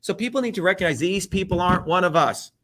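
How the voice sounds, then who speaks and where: A man's voice: sits high, animated, quick pace, fairly bright tone. A man, a political candidate, ranting emphatically in a heated, profane interview, chanting slogans again and again.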